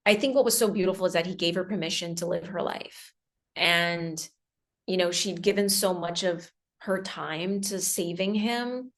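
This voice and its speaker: A young woman actor answering interview questions, speaking emotionally, pausing and sighing as she talks. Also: on the low side. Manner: emotional, halting, breathy sighs.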